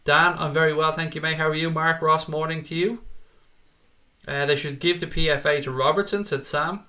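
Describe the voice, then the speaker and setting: A man's voice: a little high, steady tone, moderate pace, sharp tone. A young man hosts a casual football live stream, reading out viewer comments and calling people mate and pal.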